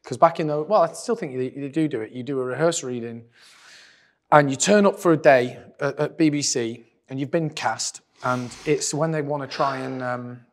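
A man's voice: mid-range voice, normal speed. A man in his forties co-hosting a podcast, telling a story to an old friend with lots of laughter and swearing. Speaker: podcast co-host. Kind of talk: casual chat between old friends.

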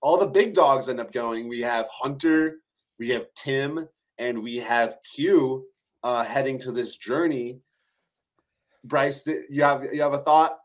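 A man guesting on a podcast, recapping a reality show episode in a steady, storytelling way. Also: medium pitch, measured pace. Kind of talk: casual reality-TV recap chat.

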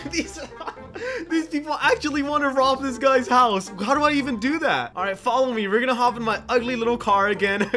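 High-voiced excitable gaming man. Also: normal speed, soft background music. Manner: excitable, gasping and laughing often; drops to a hushed voice when sneaking. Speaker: gaming YouTuber. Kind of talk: excited gameplay commentary.

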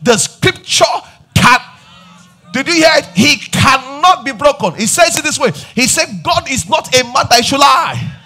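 A man with a Nigerian accent preaching a sermon as pastor. He preaches emphatically, shouting and rising into a sing-song, repeats refrains and calls on the congregation to answer. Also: very high voice, lively intonation, normal speed, soft background music. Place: church service.

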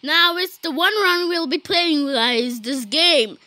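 A woman's voice: high voice, slow, pushed and bright, no room sound. A woman giving playful gameplay commentary, bantering with cartoon characters, giggling and saying "beep" in place of swear words. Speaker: gaming YouTuber.

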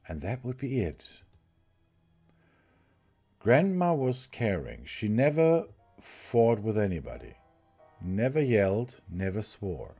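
A man with a lowish, mellow voice reads a story game's text aloud on a live stream. He stumbles and rereads lines, then breaks off to chat with viewers. Faint music plays underneath. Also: big pitch swings, husky. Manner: reads haltingly, restarts and rereads lines, chats with viewers in between. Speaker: game streamer. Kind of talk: live game commentary, reading on-screen text aloud.

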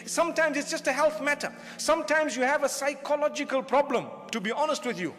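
A man's voice: extremely high pitch, a little fast, a bit bright. A man giving an Islamic sermon, humorous and conversational, full of rhetorical questions. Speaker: Islamic preacher. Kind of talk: lecture sermon. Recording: long hall reverb.

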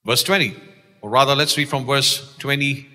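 In a church sanctuary full of long reverb, a Malaysian English-accented pastor preaches with exuberance. Speaking at medium pitch and a normal speed, he shouts his key lines and asks the congregation to respond.

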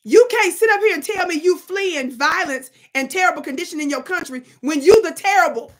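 A woman's voice: very high-pitched, animated, brisk, noisy background. A middle-aged woman giving emphatic, casual commentary to camera, talking straight to her viewers. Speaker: political commentary vlogger.

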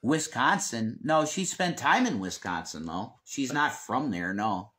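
A man from northeastern Pennsylvania with a local accent, chatting loosely and animatedly while reading viewer comments. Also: mid-range voice. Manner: animated, rambling, quick to laugh. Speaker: livestream host. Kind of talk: casual chat reading comments.

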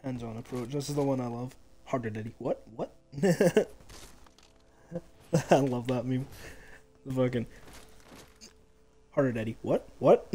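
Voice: medium pitch, expressive, takes it slowly, pauses often, darkish tone, soft background music. A streamer giving casual commentary while browsing a game's moves, laughing often and swearing freely.

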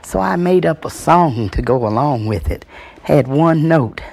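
A woman's voice: sits low, a little slow, creaky. A woman telling family stories, calling out voices and then dropping to a whisper, recorded on an old VHS tape. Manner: animated, calls out voices, drops to whispers. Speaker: storyteller. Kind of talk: family storytelling.

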